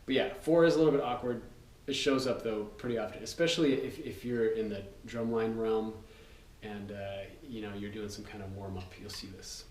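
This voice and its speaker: Relaxed man teaching drums, roomy and distant. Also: fairly low pitch, a little fast. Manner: relaxed, loose, with fillers and counting aloud. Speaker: drum teacher. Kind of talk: casual instructional talk. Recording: roomy, distant mic, loud noise.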